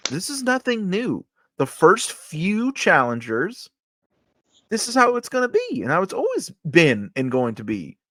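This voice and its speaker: Laid-back man with lively intonation. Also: high voice, dry recording, studio quality. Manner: laid-back analytical, profane, with filler ums. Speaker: wrestling podcast co-host. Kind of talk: casual chat.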